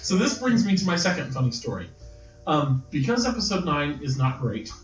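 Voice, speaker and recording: A man in his thirties co-hosting a podcast, chatting casually and telling an animated, laughing story. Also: fairly high pitch, brisk, recorded from a distance, soft background music. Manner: animated, laughing, mimics voices in stories. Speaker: podcast co-host. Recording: roomy lo-fi sound, a little off mic.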